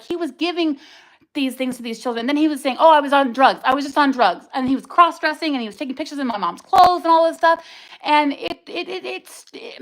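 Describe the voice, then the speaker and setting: Poor audio carries a woman's high-sitting voice as she hosts a livestream. Angry and raw, she gives an emotional personal testimony, cursing and speaking in bursts.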